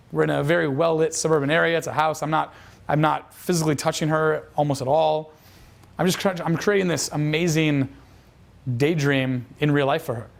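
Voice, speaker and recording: A man's voice: on the high side, creaky. A man telling a dating coach's story as a lesson, casual and profane, with lots of fillers. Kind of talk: instructional storytelling.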